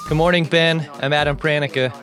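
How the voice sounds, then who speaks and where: A man's voice: on the high side, fairly even intonation, brisk, music in the background. A man co-hosting a podcast, teasing his partner in casual comedic banter. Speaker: podcast co-host.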